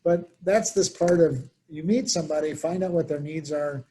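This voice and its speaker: In a chatty workshop talk, the presenter, a man, spins anecdotes and imitates whoever he's quoting. The voice is a bit high with a dark tone, at normal speed.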